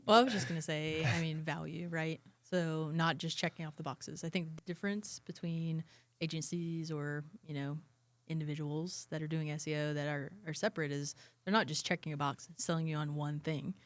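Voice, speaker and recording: Woman, very low pitch, dry close sound, measured, thoughtful, rhetorical questions. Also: steady tone, dry recording. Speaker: podcast co-host. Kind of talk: casual chat.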